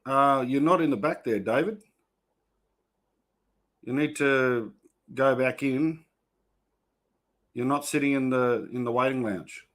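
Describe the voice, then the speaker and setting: An Australian man hosting a casual livestream, greeting viewers one by one in a relaxed, matey way. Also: medium pitch, slow pace, long pauses. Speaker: host.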